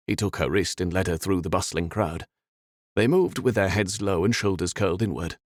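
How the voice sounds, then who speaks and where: Deep-voiced male audiobook narrator, dry studio. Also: brisk, no echo. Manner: expressive, dramatic reading. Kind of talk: scripted fantasy narration.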